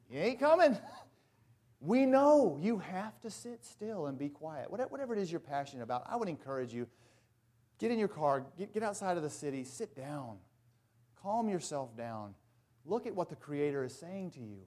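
A man's voice: mid-range voice, darkish tone. A male pastor preaching a sermon earnestly and with emphasis, mixing in folksy asides.

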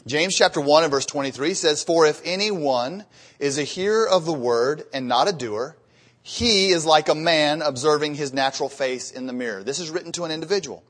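A man's voice: a little high, normal speed, a bit bright. A man preaching a sermon, earnest and building to emphatic peaks, often repeating words as he goes.

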